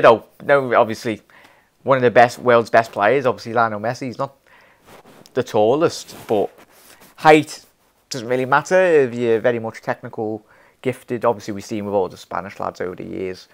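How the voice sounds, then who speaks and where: A man's voice: fairly low pitch, moderate pace. A young man hosting a casual live stream, reading viewer comments, rambling with frequent laughs and restarts. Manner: rambling, laughs often, many restarts, calls viewers fella and mate. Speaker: fan channel host.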